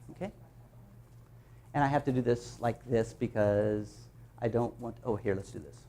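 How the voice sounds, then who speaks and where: A man training teachers in a workshop, talking lively and sounding out letter sounds for them. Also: a little high. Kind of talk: workshop presentation.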